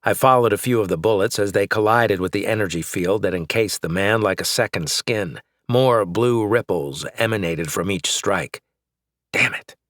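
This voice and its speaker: A man narrating an action novel in first person, in a steady, measured way. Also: on the low side, no room sound, clean studio sound. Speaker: audiobook narrator.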